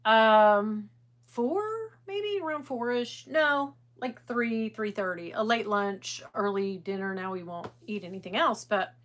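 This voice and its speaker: A middle-aged woman hosting a casual livestream, chatting in a rambling way and greeting viewers by name. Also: mid-range voice. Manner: animated. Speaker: livestream host.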